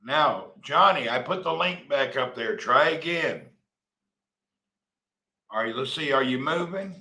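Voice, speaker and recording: A man's voice: medium pitch, lively intonation, measured pace, sharp tone. A man hosting a casual livestream, joking in a folksy way and reading viewer comments aloud. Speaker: livestream host. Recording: echoey room.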